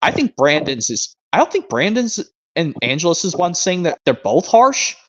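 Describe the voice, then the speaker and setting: A young man chats on a stream, circling back and restarting his thoughts as he goes. His pitch sits a little high and swings widely. The audio is muffled and lo-fi. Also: very animated. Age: young adult. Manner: rambling, restarts sentences, reads narration aloud slowly. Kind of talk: casual chat.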